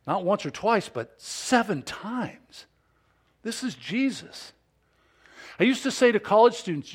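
A middle-aged man preaches as pastor in an easygoing, self-deprecating way, his voice sitting a little higher than most men's. He restarts sentences often and drops to near-mumbled asides before rising loud for emphasis. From Southern California. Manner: folksy and self-deprecating, with frequent restarts and big swings in loudness. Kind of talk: sermon.

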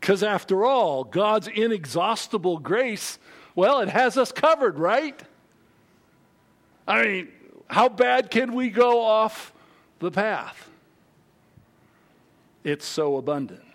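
A middle-aged man preaching a sermon, telling a childhood story in an animated way, swinging from loud to quiet. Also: high-pitched, takes it slowly, pauses often. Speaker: pastor.

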